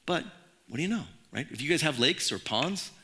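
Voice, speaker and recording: Bright, animated male church preacher. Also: fairly high pitch, a little fast, slight background noise. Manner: conversational, animated, many restarts and asides. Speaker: pastor. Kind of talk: casual sermon.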